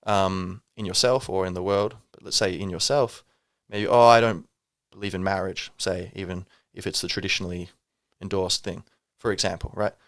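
A man's voice: sits low, steady tone, normal speed, hardly any pauses, a bit bright, dry recording, clean studio sound. A man hosting a solo podcast, talking reflectively and rambling, with many fillers and restarts. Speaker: podcast host.

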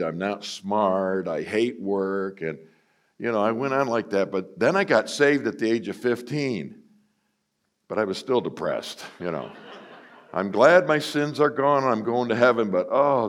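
Man, middle-aged, low voice, guest preacher, conversational sermon, self-mocking, acts out quotes. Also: expressive, measured pace. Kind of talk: sermon with personal storytelling.

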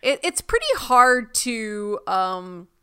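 A woman co-hosting a podcast in casual chat, joking about a TV show with animated, exaggerated outrage. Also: fairly high pitch, slow, clean tone. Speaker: podcast co-host.

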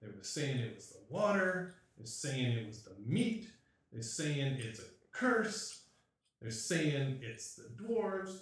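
A man's voice: on the high side, very echoey, far from the mic. A man voicing a shady, evasive male informant who grumbles about the rich, in a tabletop game.

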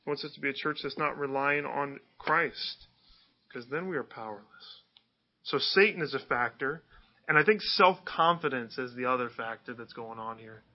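A man's voice: medium pitch, moderate pace, highs cut off. A man preaching a sermon in a conversational way, often asking his listeners rhetorical questions. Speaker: pastor.

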